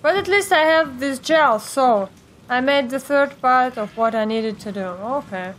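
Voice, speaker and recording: A woman with a fairly high voice, talking slowly through a horror game. She mutters to herself, gets jumpy and swears at the game now and then. A faint hum of ambience sits under her voice. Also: expressive, fairly bright tone. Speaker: gameplay streamer. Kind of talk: let's play commentary.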